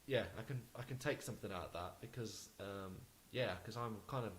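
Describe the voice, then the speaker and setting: A man talks easily as a guest in an interview, his voice sitting on the low side. He rambles in friendly bursts, restarting sentences as he goes. A faint hiss runs under the recording. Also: a little fast, poor audio. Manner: chatty, frequent restarts and laughs. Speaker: guest musician. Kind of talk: casual interview chat.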